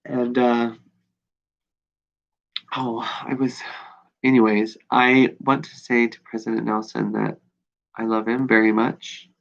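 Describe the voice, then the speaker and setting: A man recording a personal video journal, talking in a reflective, halting way with many pauses and fillers. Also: mid-range voice, level tone, gravelly. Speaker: video diarist. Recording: dull lo-fi recording.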